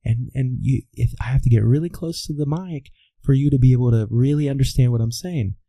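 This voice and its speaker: A man's voice: mid-range voice, a little fast, dark tone, dry recording. A man from the American Midwest, a voice coach, explaining as an interview guest in a teacherly way, asking rhetorical questions and answering them himself. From Midwestern United States.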